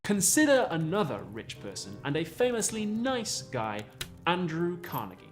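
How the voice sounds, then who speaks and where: A man narrating a scripted video essay in an earnest, measured way. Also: a little high, wildly swooping pitch. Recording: narration with faint background music.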